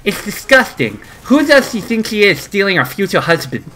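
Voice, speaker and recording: A man voicing snooty, jealous cartoon twin girls in a prissy, sneering falsetto. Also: sing-song, moderate pace, pushed and bright, exaggerated voice, poor audio. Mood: catty.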